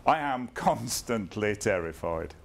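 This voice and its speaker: A man's voice: lowish voice, expressive, unhurried, creaky. A man in his fifties giving an informal talk to an audience, wry and self-deprecating, often chuckling as he tells his story. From England. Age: 50s. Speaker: guest speaker.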